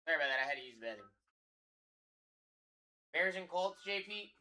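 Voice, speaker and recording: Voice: mid-range voice, animated, brisk, pushed and bright. A card break host chatting casually with live stream viewers and talking to them directly.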